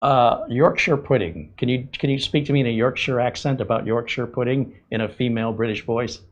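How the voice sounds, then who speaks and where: An easygoing man hosts a tech show and banters with a voice assistant. He jokes often and stumbles through hesitant fillers. His voice sits at an ordinary middle pitch. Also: lo-fi sound. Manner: hesitant, joking, fills pauses with um and uh. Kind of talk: casual demo chat.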